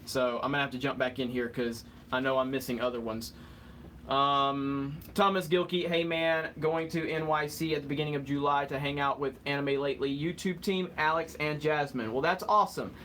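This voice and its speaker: A man's voice: on the high side, steady tone, normal speed, a bit bright, a little hiss or hum. A young man hosting a live stream, casually reading out chat comments with a joking, rambling manner and the odd fumble over words.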